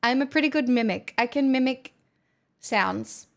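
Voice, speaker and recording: Woman streamer just chatting, kinda high voice, laid back, giggles a lot. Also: measured pace, creaky. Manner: playful, giggly, teasing. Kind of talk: casual chat.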